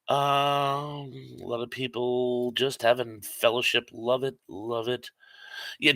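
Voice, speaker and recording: A man hosting a casual live stream, chatting and reading viewer comments aloud with quick asides. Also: mid-range voice, pushed and bright, no room sound. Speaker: host reading live chat.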